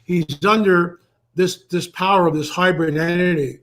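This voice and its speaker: An older man, a guest researcher in a live online interview, telling a story in an animated way and acting out the voices of the people in it. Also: high voice, normal speed, poor audio.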